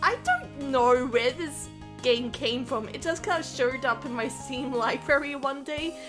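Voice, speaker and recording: A young woman with a high voice chats with her audience while she plays a game, laughing often and joking crudely. She talks at an unhurried pace. Light music plays softly behind her. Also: lively intonation. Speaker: streamer. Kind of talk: casual game commentary.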